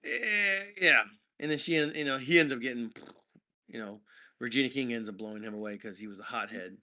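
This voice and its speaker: A man's voice: mid-range voice, brisk, pushed and bright. A man co-hosting a casual movie review podcast, talking in a rambling, jokey way. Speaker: podcast co-host.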